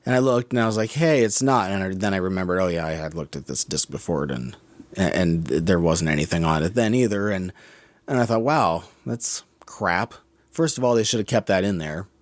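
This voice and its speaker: A man with a low voice talks fairly quickly on a dry recording. Co-hosting a podcast, he casually picks apart a movie scene by scene in a musing, critical manner, frequently correcting himself mid-sentence.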